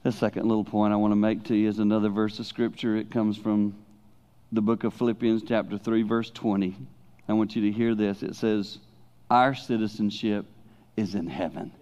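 Middle-aged male preacher: candid, animated storyteller with excited high-pitched peaks, dull lo-fi church recording. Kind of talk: sermon.

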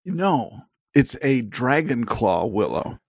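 A man's voice: medium pitch, big pitch swings, slow pace, gravelly, breathy edge, no echo, clean studio sound. A man co-hosting a podcast in casual banter, wry and teasing, laughing often. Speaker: podcast co-host.

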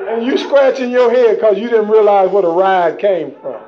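High-voiced man preaching fervently. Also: normal speed, crowd noise. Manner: fervent, colloquial preaching with rhetorical questions. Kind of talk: sermon. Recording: dull lo-fi recording.

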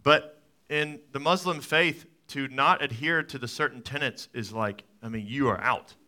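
A man in his thirties preaching a sermon as a pastor, telling stories with lively swings from loud excitement to quiet, soft talk. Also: mid-range voice, normal speed. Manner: animated storytelling, rising to loud excited peaks then dropping soft.

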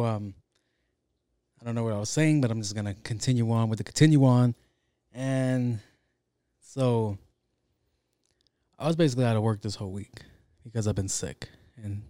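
Young male host, casual profane storyteller, mellow dark tone, dry close sound. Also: mid-range voice, no echo. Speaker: podcast host.

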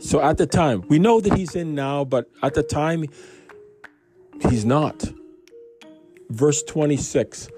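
A man's voice: medium pitch, sing-song, measured pace, dark tone, faint music behind. A man giving a casual, rambling devotional talk on a Bible passage, speaking conversationally and asking many rhetorical questions. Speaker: Bible reading host.

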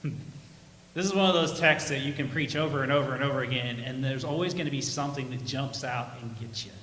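A man's voice: mid-range voice, quick pace, a bit bright, slight background noise. A male pastor giving a chatty sermon with humorous stories, laughing at his own jokes, in a church. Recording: echoey church hall.

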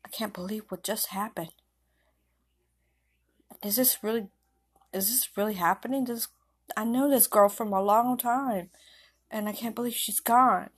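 A woman's voice: on the high side, fairly even intonation, measured pace. A woman voicing a shaken schoolgirl who whispers in disbelief. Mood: stunned. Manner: hushed, breathy whisper.

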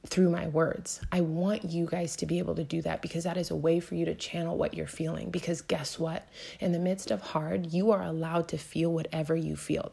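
A woman in her thirties giving an earnest, direct self-help talk, often dropping to a soft whisper to stress a point. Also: lowish voice, creaky, husky. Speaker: motivational podcast host.

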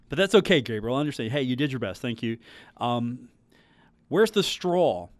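A man's voice: medium pitch, no echo. A man hosting live sports radio from a studio, rambling and joking with lots of restarts. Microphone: studio microphone.

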